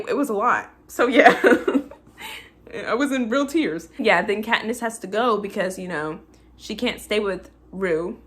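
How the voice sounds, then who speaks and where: A woman's voice: medium pitch, a bit bright. A woman recapping a film in a casual rant, emotional and chatty, laughing between many fillers. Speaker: movie reviewer.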